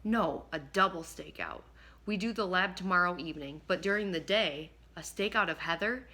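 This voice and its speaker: A woman's voice: fairly low pitch, moderate pace, pushed and bright. A woman reading the lines of a studious, sensible teenage schoolgirl, the narrator's best friend, in a practical, slightly doubtful way. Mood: eager.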